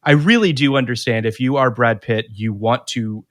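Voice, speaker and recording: A man hosting a casual podcast, voice sitting in an ordinary middle pitch. He speaks with strong opinions, restarting and repeating words before he gets going. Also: normal speed, a bit bright. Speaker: podcast host.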